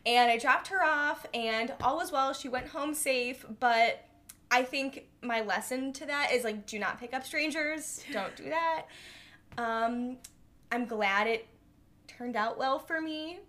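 High, bright-voiced young woman storyteller. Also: slow. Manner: chatty, swears casually. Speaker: podcast co-host. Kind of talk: casual storytelling chat.

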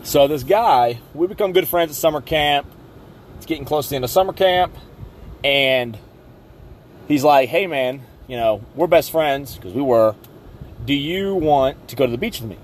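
A man's voice: fairly high pitch, expressive, moderate pace, a little hiss or hum. Rambling Southern man telling a story. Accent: Southern American. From Southwest Virginia. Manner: rambling, self-mocking, lots of fillers. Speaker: podcast host. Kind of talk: casual storytelling.

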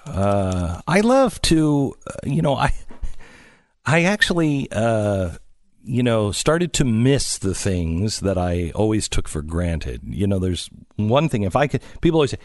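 A man hosting a talk radio show, telling stories earnestly and dropping to a hush at the serious parts. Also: on the low side, unhurried, no echo, studio quality. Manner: earnest storytelling, lively swings from loud to hushed.

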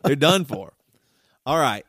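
Man telling funny stories, higher voice. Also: unhurried, no echo, clean studio sound. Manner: animated, laughs through his stories. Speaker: podcast host. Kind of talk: casual comic storytelling.

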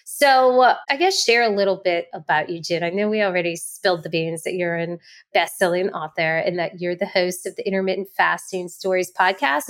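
A woman hosting a casual interview, enthusiastic and emphatic, often acting out quick quoted asides. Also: fairly low pitch. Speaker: host.

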